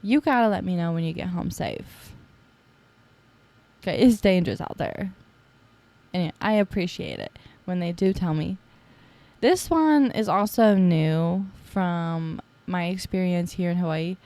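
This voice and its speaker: A young woman hosts her own podcast, chatting on her own in a relaxed, rambling way. Her voice sits a little low for a woman, and she drops in playful teasing asides and plenty of "like"s. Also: measured pace. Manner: chatty and playful, with many fillers like "like". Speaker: podcast host. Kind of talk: casual solo podcast chat.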